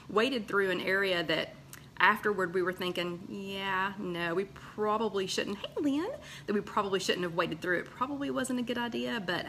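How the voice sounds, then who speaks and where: A woman's voice: medium pitch, a bit bright, slight background noise. A woman hosting a casual live stream, chatting and greeting viewers by name with plenty of fillers. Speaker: host of a live weight-loss chat.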